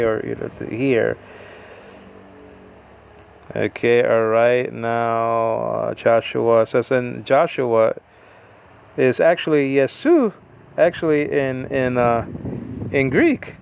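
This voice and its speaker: A man teaching a Bible lesson in a halting, informal way, with many fillers as he sounds out Hebrew and Greek words. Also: mid-range voice, vocal fry, a little mellow, a little hiss or hum. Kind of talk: informal scripture study.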